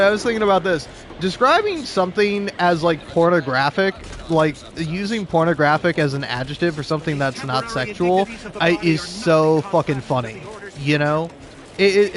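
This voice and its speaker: A young adult man ranting casually while gaming, profane and rambling, laughing often and restarting his sentences. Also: fairly high pitch. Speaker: gaming video creator. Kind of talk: casual rant while playing a game.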